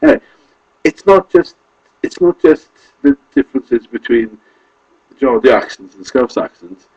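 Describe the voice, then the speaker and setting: A man's voice: mid-range voice, very animated, measured pace, a little mellow, husky, highs cut off. A man from Wales with a Carmarthenshire accent, talking casually to camera in a rambling, self-correcting way. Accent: Welsh, Carmarthenshire. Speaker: vlogger.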